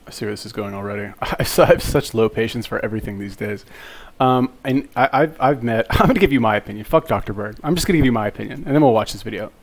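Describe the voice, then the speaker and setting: A man's voice: fairly low pitch, fast talker, hardly any pauses, poor audio. A man hosting a reaction video, giving casual commentary in a rambling, sarcastic way full of fillers and swearing.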